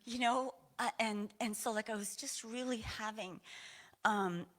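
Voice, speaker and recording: A woman's voice: fairly high pitch, unhurried, fairly bright tone. A woman from Aroostook County, Maine, sharing a personal testimony at a church service in a meandering, conversational way, audibly emotional.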